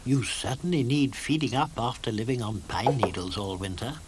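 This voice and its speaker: A man voicing a kindly, fussing mother creature in a storybook cartoon, gentle and motherly. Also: mid-range voice, moderate pace, a little hiss or hum, voice pushed down, lightly acted. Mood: coaxing.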